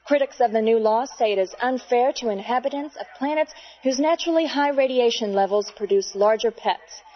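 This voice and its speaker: A woman playing a polished news anchor in a spoof newscast, with a smooth newsreader delivery. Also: on the high side, fairly quick, lightly acted. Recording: dull lo-fi with faint music.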